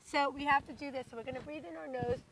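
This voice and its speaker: A woman with a hoarse voice leading a children's yoga class outdoors in a park, encouraging the kids and asking them questions. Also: high voice, steady tone, quick pace, far from the mic, background noise. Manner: encouraging, leads by example, asks the children questions. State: losing her voice, hoarse. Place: outdoors in a large city park.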